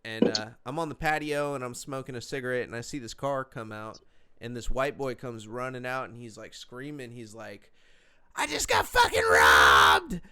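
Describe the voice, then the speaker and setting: A man's voice: medium pitch, steady tone, moderate pace, fairly bright tone. A young man casually telling a story on a podcast, laid-back and profane, full of slang and fillers.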